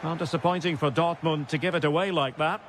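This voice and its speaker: A man giving recorded play-by-play football commentary for a video game, with crisp calls of player names that rise to shouted goal calls. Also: a little high, fairly even intonation, quick pace, background noise.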